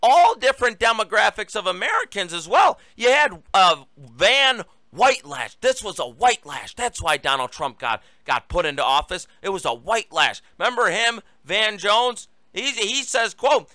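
A man's voice: sits high, big pitch swings, measured pace, bright, forceful tone, no room sound. A man hosting a talk show, delivering a sarcastic, ranting political monologue to his listeners. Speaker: radio talk show host.

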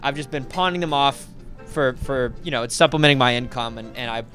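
An actor playing a sleazy, blustering middle-aged husband who stammers, rambles and swears in a comedy audio sketch. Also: male voice, medium pitch, a little fast, fairly bright tone, soft background music, close to an everyday voice. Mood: confessing.

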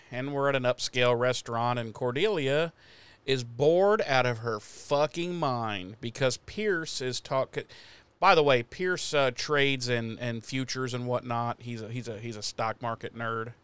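A man's voice: mid-range voice, lively intonation, a little slow, a bit bright, clean tone, no room sound. Male podcast co-host, sardonic, clean resonant tone, dry close sound. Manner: dry, sarcastic quips. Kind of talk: casual chat.

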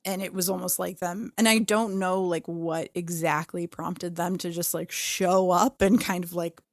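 A woman's voice: fairly low pitch, moderate pace, no room sound, clean studio sound. A young adult woman co-hosting a podcast, telling a personal story casually, swearing freely and acting out what people said. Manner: animated, swears freely, acts out quotes. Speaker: podcast co-host.

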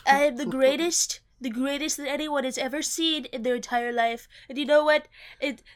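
A woman's voice: high voice, fairly even intonation, normal speed, natural voice. A woman doing an impression of a boastful, blustering male politician who brags with repetitive rhetorical questions. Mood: bragging.

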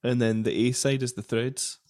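A man, co-hosting a podcast in excitable, stumbling chat. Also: medium pitch, moderate pace. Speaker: podcast co-host. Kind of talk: casual chat.

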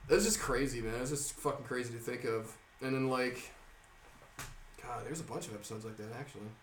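A man's voice: mid-range voice, a little fast, distant mic, a little hiss or hum. A young man in loose podcast conversation, recorded from a little way off the mic in a roomy space. He tells a story with lots of swearing and laughter, and his voice sits in the middle range. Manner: animated storyteller, heavy swearing, laughs often. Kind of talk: casual chat.

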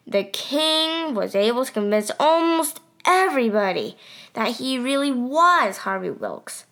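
A woman's voice: high-pitched, very animated, a little slow, a bit bright. A woman narrating a story in first person, telling it plainly and steadily.

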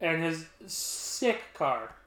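A man with a high voice talks casually about a film he watched, retelling its scenes in an animated way. The room is echoey around him. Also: drawn-out words, crowd noise. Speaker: podcast co-host. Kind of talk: casual movie chat.

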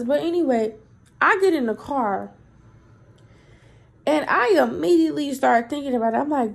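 A young adult woman hosting a podcast, telling a story in a chatty, animated, profane way. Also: sits high, moderate pace, creaky. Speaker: podcast host. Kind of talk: casual storytelling monologue.

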